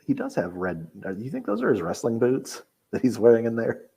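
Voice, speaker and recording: A man's voice: medium pitch, huge pitch swings, fairly quick, creaky, mellow, breathy edge. A man co-hosting a casual podcast, wry and laid-back as he muses over a wrestling match. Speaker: podcast co-host.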